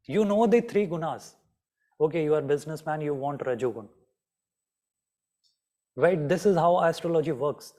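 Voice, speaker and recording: A man's voice: a little high, normal speed, pauses often, mellow. A man teaching an online astrology class, often asking students by name and repeating his questions.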